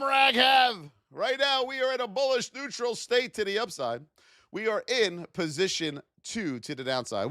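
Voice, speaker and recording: Playful guy on a live trading stream, hypes up the chat, fairly high voice, dry close sound. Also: dry recording. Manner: energetic and playful, chats with viewers. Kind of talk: live stream market commentary.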